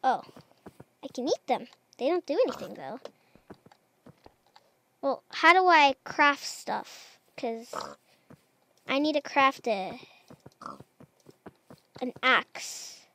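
A woman with a high voice narrates her game in a slow, unhurried way. She chats and wonders aloud, coaxing the animals along, with a faint hiss of noise behind her. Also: animated, sharp tone. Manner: chatty, unsure, talks to animals in game. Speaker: gamer. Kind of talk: casual Minecraft let's play commentary.

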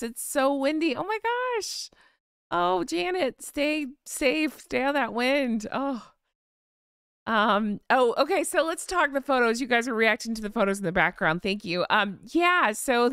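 A woman's voice: medium pitch, fairly bright tone, clear, resonant tone, dry recording, studio quality. A woman hosting a casual live stream, reading out viewer comments and thanking them by name in a chatty way. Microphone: desk microphone.

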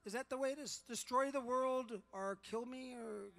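Speaking into a handheld mic at a convention panel, a celebrity guest in his sixties teases fans loudly, his bright, high, somewhat creaky voice filling a large hall at a moderate pace. Jokes never stop, and he frequently erupts in shouts and laughter.

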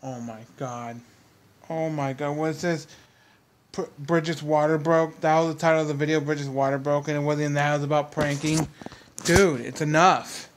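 A man's voice: a little high, fairly even intonation, normal speed, slight background noise. A young man ranting in a vlog commentary, exasperated and mocking, repeating his points. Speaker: commentary vlogger.

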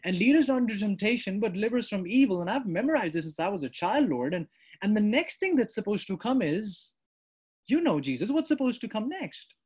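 A man preaching a sermon to a congregation, animated, acting out the prayers and replies he quotes. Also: high voice, fairly quick, husky. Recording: dull lo-fi sound.

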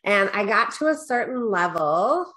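An unhurried yet lively middle-aged woman shares her story as a guest business coach in a casual interview. She animates her quotes of herself with a rising pitch and leans on "right?" and "da, da, da."

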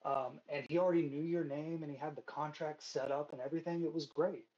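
A man's voice: a little high, steady tone, quick pace, few pauses, a little mellow. A man narrating as game master in a tabletop game, casual and full of fillers, a bit out of breath. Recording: dull lo-fi stream mic.

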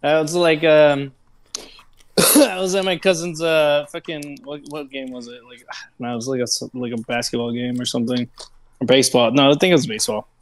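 A man's voice: medium pitch, steady tone, fairly quick. A man co-hosting a live stream, telling a story in a rambling, profane way full of fillers. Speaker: stream co-host. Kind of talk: casual live-stream chat.

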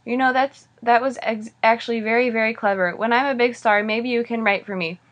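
A woman reading the part of an excitable, sarcastic little brother. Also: mid-range voice, moderate pace, highs cut off, close to an everyday voice. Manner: loud, sarcastic. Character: bratty, excitable little boy.

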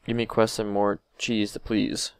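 A young man narrates his game in crude, excitable bursts, swearing at enemies and begging for help. His voice is gravelly yet smooth, set fairly low. It sounds dry and close, with mouse clicks behind. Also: unhurried, no echo. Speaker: gamer. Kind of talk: let's play commentary.

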